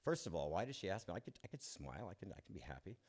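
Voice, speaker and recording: A man's voice: sits low, very animated, darkish tone, breathy edge. A man giving a candid, self-deprecating personal testimony, chuckling often and restarting his sentences. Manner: halting restarts. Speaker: speaker sharing his recovery story.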